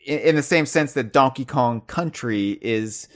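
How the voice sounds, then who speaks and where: A man's voice: mid-range voice, measured pace. A man hosting a podcast in casual chat, playful and chatty, trading trivia with his guest. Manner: playful, shouts bits of trivia as a running joke. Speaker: podcast host.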